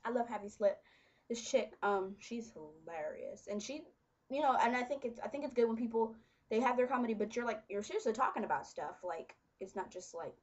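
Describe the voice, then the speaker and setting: A woman's voice: a little high, lively intonation, fairly quick, muffled recording. Chatty young woman vlogging casually. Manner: chatty, lots of fillers, laughs often. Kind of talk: casual chat.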